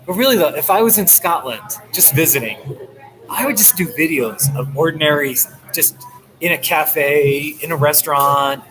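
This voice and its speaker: A man's voice: on the high side, moderate pace, crowd noise, poor audio. An American man from the New Jersey and New York area, chatting casually and rambling on a live stream from a coffee shop, recording through a laptop he holds up. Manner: rambling, chatty, frequent laughs. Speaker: vlogger. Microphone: laptop held up.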